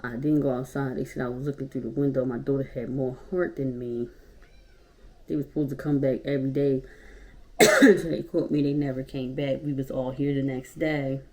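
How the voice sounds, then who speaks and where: A woman in her twenties from Baltimore, telling a story for a casual vlog in a blunt, profane, animated way. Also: extremely low pitch, moderate pace. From Baltimore, Maryland, USA. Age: 20s. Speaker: YouTuber.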